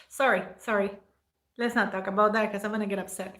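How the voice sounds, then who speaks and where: A woman's voice: mid-range voice, fairly even intonation, moderate pace, a bit bright. A woman hosting a casual livestream, rambling and emotional as she thanks viewers by name. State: near tears at times. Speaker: livestream host.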